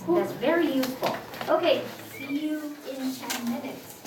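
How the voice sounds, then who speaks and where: High-pitched, unhurried woman teaching tones. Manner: patient, demonstrating tones aloud, with frequent fillers. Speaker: Chinese language teacher. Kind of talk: classroom teaching. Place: classroom. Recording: echoey room from far off, noisy.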